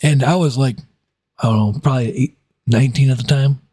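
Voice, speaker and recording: A man's voice: a little fast, mellow, husky, no echo. Rambling young man telling a story. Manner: rambling, many fillers and restarts, voices quotes in a higher pitch. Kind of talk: casual storytime.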